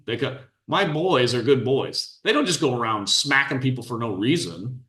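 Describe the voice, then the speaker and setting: A man's voice: mid-range voice, lively intonation, moderate pace, pushed and bright, roomy sound. A middle-aged man, a podcast host, giving blunt, scornful commentary on a clip.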